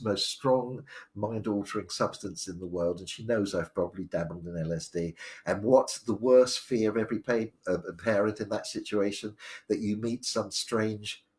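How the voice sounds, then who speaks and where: A man, telling his life story live, rambling with many fillers and restarts. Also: lowish voice. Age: 60s. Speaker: storyteller sharing his memoir.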